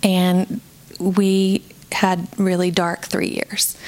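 A woman's voice: fairly low pitch, flat delivery, very slow. Candid woman giving a testimony. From Georgia, USA. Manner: candid and reflective, with light laughs. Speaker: speaker sharing a personal testimony. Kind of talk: personal faith testimony.

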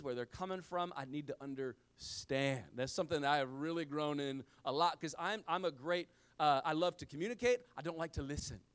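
Preaching casually and using slang, a middle-aged pastor swings from loud, emphatic moments to quiet, low-voiced lines. His tone is clear and resonant.

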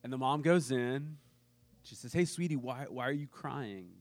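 Man, pastor, sermon, relaxed storytelling, dry close sound. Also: medium pitch, normal speed, no room sound. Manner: casual storytelling with animated quoted voices.

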